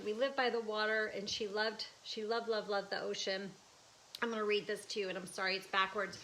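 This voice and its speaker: An artist in her fifties chats casually and emotionally on a livestream from her art studio, with laughter and restarts along the way. Her fairly high voice is bright and forceful, and the low-quality recording picks up slight background noise.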